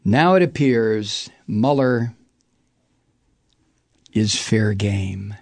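Sarcastic, slow-talking male political ranter. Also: animated, creaky, darkish tone, no room sound. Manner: sarcastic and mocking, with sudden high jeering outbursts. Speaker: political commentary host. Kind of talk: profane political monologue reading news aloud.

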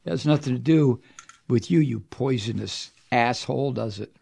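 A man's voice: medium pitch, normal speed, creaky, mellow, breathy edge. A man hosting political commentary, angry and sarcastic, swearing freely as he reads and mocks the news. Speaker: host. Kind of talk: political commentary talk show.

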